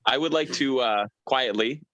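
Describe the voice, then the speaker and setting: A man's voice: medium pitch, moderate pace, fairly bright tone, no echo, highs cut off. A man playing a tabletop game, speaking hesitantly with a polite, formal in-character manner. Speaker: player. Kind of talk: tabletop role-play.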